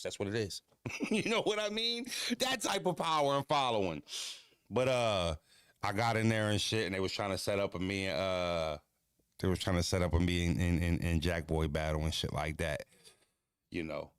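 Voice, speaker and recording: Low-voiced man riffing on a livestream. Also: lively intonation, moderate pace, fairly bright tone, clean tone, dry recording, studio quality. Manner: loose, profane, laughing, reads and roasts chat. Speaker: livestream host. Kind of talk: casual livestream chat.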